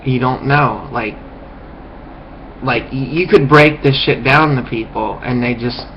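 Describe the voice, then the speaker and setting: A man rambles through a contemptuous rant at a slow, dragging pace, stumbling and restarting his phrases. His voice sits at an average pitch. The recording is dull and lo-fi with a faint background hiss. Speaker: vlogger. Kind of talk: ranting monologue.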